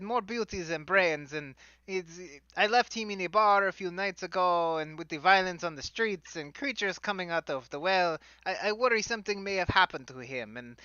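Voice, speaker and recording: A man's voice: sits high, pushed and bright, clean tone, no room sound, dull audio, voice pushed up. A man voicing a flustered, self-important male wizard and celebrity author who stammers through flowery speech. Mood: wheedling.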